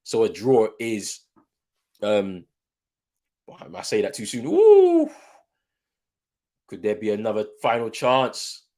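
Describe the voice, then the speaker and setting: A man's voice: on the low side, measured pace, long pauses, darkish tone. A man hosting a live football watchalong stream, chatting casually, calling the match and answering viewers' comments.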